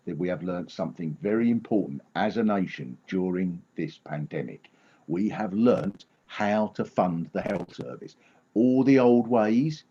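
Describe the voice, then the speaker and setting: A man's voice: low voice, warm tone, breathy edge, lo-fi sound. A man riffing through a sardonic comic monologue on a video call. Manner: sardonic, riffing, mock-serious. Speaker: comedian guest.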